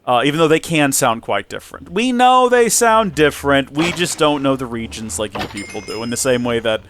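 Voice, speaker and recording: An American man hosting his own channel talks in a relaxed, meandering way, correcting himself and throwing in emphatic asides. His voice sits at an ordinary middle pitch. There is a faint hiss of noise behind him. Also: brisk. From United States. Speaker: channel host. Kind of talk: casual vlog chat.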